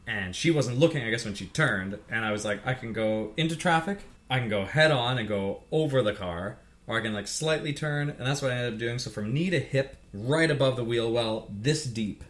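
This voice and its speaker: A man's voice: medium pitch, moderate pace, few pauses, a bit bright. A man co-hosting a casual podcast, ranting heatedly and swearing freely. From Canada. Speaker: podcast co-host.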